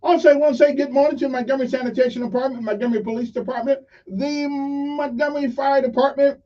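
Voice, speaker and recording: A man's voice: extremely high pitch, fairly even intonation, fast talker, warm tone, far from the mic. An older man hosting a casual morning radio talk show, rambling and joking with many fillers. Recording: muffled audio from off mic.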